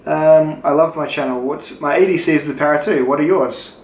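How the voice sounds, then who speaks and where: Here the Australian host's voice runs a little high and a little fast as he banters through viewer questions, cursing without restraint. He's a young adult man, the talk is a relaxed Q&A, and the echoey space adds a faint hum of noise.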